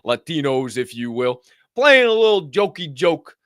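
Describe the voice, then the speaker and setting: A man's voice: fairly high pitch, sing-song, measured pace, fairly bright tone, no echo, clean studio sound. A man co-hosting a podcast, reacting to clips in a playful way and laughing often. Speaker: podcast co-host. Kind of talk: casual reaction chat.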